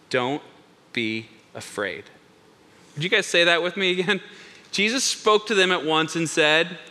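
Male pastor, high bright voice, lively sermon delivery, big church hall reverb. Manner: animated, acts out biblical characters with big voice swings.

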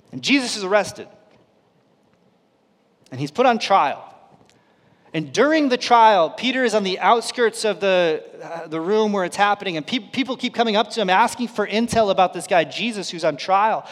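A male pastor preaching a sermon in an earnest, conversational way, his loudness rising and falling sharply. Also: high-pitched, lively intonation, normal speed. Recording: long reverb of a large hall.

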